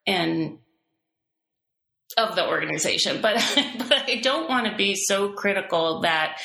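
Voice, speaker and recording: A woman's voice: mid-range voice, measured pace, creaky, echoey room. A middle-aged woman, a company CEO, talking animatedly in a business interview and restarting her sentences often. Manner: animated, frequent restarts, laughs between points.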